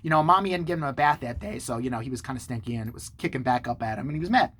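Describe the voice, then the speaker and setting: A man hosting his own channel, telling a story to the camera in a sarcastic, profane, animated way. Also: mid-range voice, racing. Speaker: channel host.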